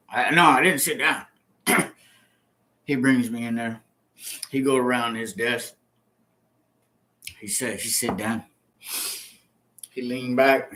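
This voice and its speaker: A former prisoner in his fifties casually relates his own story in a medium-pitched voice with a sharp tone. Along the way he swears, repeats himself, and acts out what happened using sound effects.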